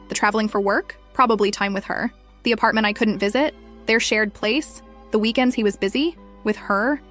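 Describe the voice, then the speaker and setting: A young woman narrating a scripted first-person story in a brisk, dramatic way. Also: medium pitch, a bit bright.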